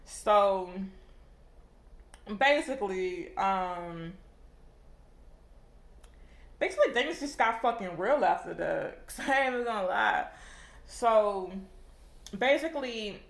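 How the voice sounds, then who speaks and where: A woman's voice: a little high, a bit bright. A young woman casually telling a storytime, rambling with lots of fillers and heavy swearing. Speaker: vlogger. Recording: echoey room.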